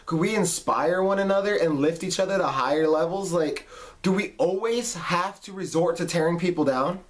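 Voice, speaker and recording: A man's voice: high-pitched, normal speed. Heated, profane man ranting. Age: late 20s. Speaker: vlog host. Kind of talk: ranting monologue.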